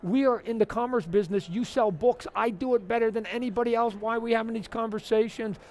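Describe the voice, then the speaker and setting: A man's voice: very high-pitched, quick pace. A man guest at a convention interview, talking with energy and acting out the people in his stories. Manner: energetic, animated, acts out quoted exchanges. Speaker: interview guest, comic artist. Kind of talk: animated storytelling interview. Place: toy fair convention floor.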